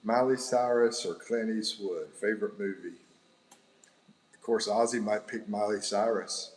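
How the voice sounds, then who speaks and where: A man's voice: fairly low pitch, a little slow, a little mellow, poor audio. A middle-aged man hosting a casual livestream indoors by a window, rambling and chuckling as he chats. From United States. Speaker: livestream host. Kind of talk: casual live-stream chat.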